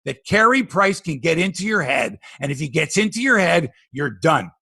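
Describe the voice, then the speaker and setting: A middle-aged man hosting a casual sports podcast, animated and sarcastic as he rants. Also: on the high side, moderate pace, creaky, breathy edge, no echo, clean studio sound.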